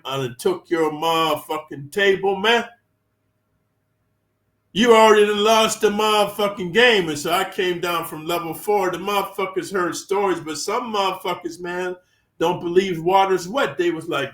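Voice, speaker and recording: A man from California telling prison stories bluntly, full of street slang and swearing. His voice sits a bit high for a man. It sounds roomy, with the mic set some way off. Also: moderate pace, a bit bright, far from the mic. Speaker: storyteller, former inmate. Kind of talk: profane storytelling.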